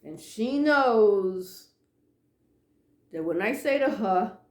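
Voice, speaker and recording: A woman telling a ghost story in a casual, animated way, acting out the dialogue and sometimes dropping to a hush. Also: mid-range voice, very slow, roomy sound. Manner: animated, acts out dialogue, drops to hushed tones.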